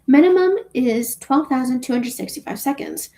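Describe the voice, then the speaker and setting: A woman's voice: sits high, moderate pace, dark tone, natural voice. A woman voicing a blunt little alien who talks in clipped, broken grammar, reading a novel aloud.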